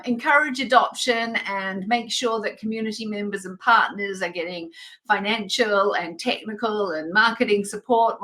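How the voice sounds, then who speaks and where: A woman's voice: medium pitch, a bit bright, low-quality recording. A woman with a New Zealand-British accent, a foundation executive speaking as a guest over a remote call, articulate and wry as she explains things. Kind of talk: interview answers.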